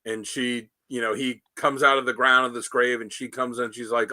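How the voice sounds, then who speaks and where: A man co-hosting a podcast, with a bright, tense-edged voice recorded close and dry. He rambles through his stories, leaning on fillers and restarts. The talk is loose and casual. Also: mid-range voice, fairly even intonation, a little fast, hardly any pauses, dry recording. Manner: rambling, many "you know" fillers. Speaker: podcast co-host. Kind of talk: casual chat, retelling comic scenes.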